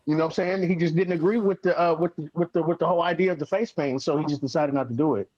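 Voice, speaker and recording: A man on a live podcast, talking excitedly and repeating words over and over, his audio sounding dull and lo-fi. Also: on the high side, fast talker, dry recording. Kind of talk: casual live podcast chat.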